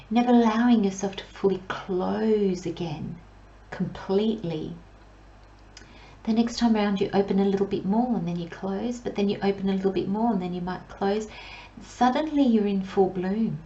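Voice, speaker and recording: A woman gives a pick-a-card tarot reading, her mellow voice unhurried and soothing, with long pauses and soft near-whispers. The recording sounds slightly dull and lo-fi. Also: medium pitch, reverberant. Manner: slow, gentle, soothing delivery with drawn-out pauses. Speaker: tarot reader.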